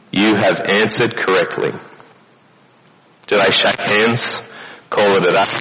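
A man preaching a sermon, telling it as a story and firing off rhetorical questions. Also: medium pitch. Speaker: pastor. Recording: dull lo-fi recording with noise.

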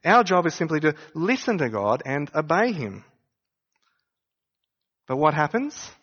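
A man preaching a conversational sermon, pitched a little above most men. His voice rings out in a long church reverb. The sound is somewhat muffled. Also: very animated, unhurried, a bit bright, breathy edge. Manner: conversational preaching with rhetorical questions. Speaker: pastor.

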